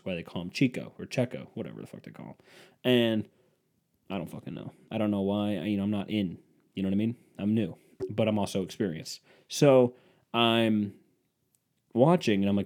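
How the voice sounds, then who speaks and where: Young male host, casual comedic rant, sarcastic, warm low-toned voice. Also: a little fast. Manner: sarcastic, swings from loud bursts to muttered grumbling.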